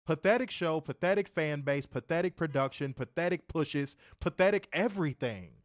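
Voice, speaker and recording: A man's voice: a little high, expressive, normal speed, dry recording, clean studio sound. A man co-hosting a wrestling review show, ranting in an exasperated, profane, mocking way. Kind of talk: ranting casual review chat.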